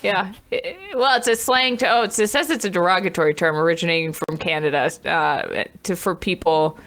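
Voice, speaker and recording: Bright-voiced, laughing woman podcaster. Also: lowish voice. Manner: laughing, quick-witted banter. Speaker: podcast co-host. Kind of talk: casual sports chat.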